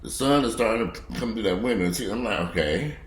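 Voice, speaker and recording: A man in a profane, angry rant. He curses bluntly and mocks people, swinging between low grumbling and loud outbursts. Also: expressive, fast talker. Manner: blunt, heavy cursing, mocking. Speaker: video blogger. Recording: echoey room.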